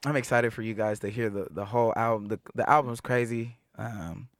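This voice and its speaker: Speaking fairly low and a little fast, a young rapper from around Seattle guests on a casual interview, heavy on slang and swearing. He's an animated storyteller who slips into quoted voices. The recording is close and dry, with no room sound.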